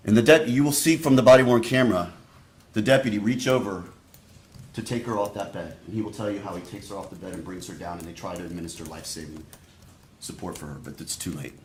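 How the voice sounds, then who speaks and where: A man giving a prosecutor's opening statement to a jury, speaking deliberately and straight to the jurors. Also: low-pitched, a little hiss or hum. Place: courtroom. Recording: echoey courtroom audio.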